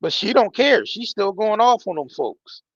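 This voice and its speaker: A man with a slightly high voice hosts a live stream in loose, slangy commentary. He talks emphatically and swears freely. The sound is dull and dry, with a lo-fi edge. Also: sing-song, normal speed, husky, dry recording. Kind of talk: casual live-stream commentary reading social posts.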